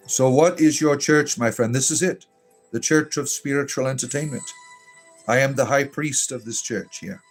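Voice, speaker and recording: A man with a mid-range voice banters through a livestream chat, dry, mocking and irreverent. He speaks in a put-on lilting accent that sounds a little Irish. Soft music plays faintly behind him. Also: medium pitch. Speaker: livestream host reading viewer chat.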